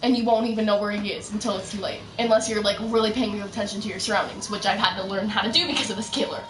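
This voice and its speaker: A young woman rambling through casual commentary while she plays a game, chatty and full of quick asides. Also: mid-range voice, steady tone, a bit bright, distant mic, slight background noise. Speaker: gaming streamer. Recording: roomy echo, voice set back from mic, faint music.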